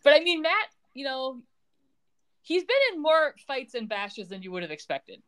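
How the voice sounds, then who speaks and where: A woman's voice: sits high, big pitch swings, normal speed, a bit bright. A young woman co-hosting a podcast, chatting casually and retelling scenes in a sarcastic, quoting way. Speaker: podcast co-host. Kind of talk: casual recap chat.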